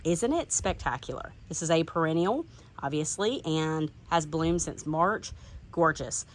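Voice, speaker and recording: A woman's voice: low voice, lively intonation, measured pace, slight background noise. Chatty Southern woman touring her garden. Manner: chatty and enthusiastic, gushing over plants. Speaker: garden vlogger. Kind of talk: casual garden tour narration. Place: outdoors in a home garden.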